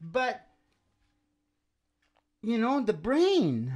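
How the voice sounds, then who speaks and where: A man's voice: very high voice, huge pitch swings, very slow. A man hosting a radio show in casual chat, blunt and swearing, often trailing off mid-sentence. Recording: loud acoustic guitar behind voice.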